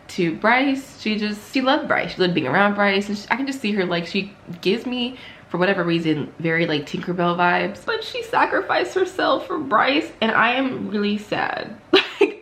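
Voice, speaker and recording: A woman's voice: medium pitch, fairly bright tone. A young woman talks through a book in a casual home vlog, her voice swinging widely up and down as she reacts. She sounds emotional and teary, full of exclamations, with a faint hum of room noise behind her. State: tearful. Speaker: book vlogger.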